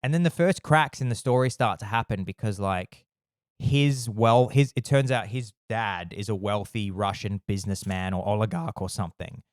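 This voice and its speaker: Podcast co-host, male, animated storyteller who swears a lot, dry close sound. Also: on the low side, normal speed, no echo. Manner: animated storytelling, puts on voices for characters, swears freely. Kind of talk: casual chat.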